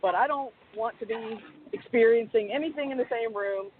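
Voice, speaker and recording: A woman in her thirties, a podcast co-host, telling an animated, self-deprecating story in casual chat. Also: on the high side, moderate pace. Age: 30s. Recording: tinny phone line with faint hiss.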